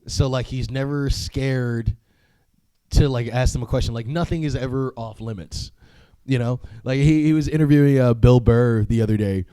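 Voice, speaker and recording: A man's voice: medium pitch, normal speed, mellow, clear, resonant tone, no room sound. A young man hosting a solo podcast, talking casually in a profane, rambling way, with frequent laughs and filler words. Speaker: podcast host.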